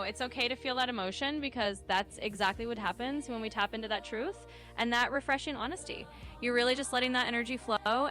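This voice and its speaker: A woman co-host answering in a smooth, reassuring, agreeable way. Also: a little high, pushed and bright. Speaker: affirming co-host.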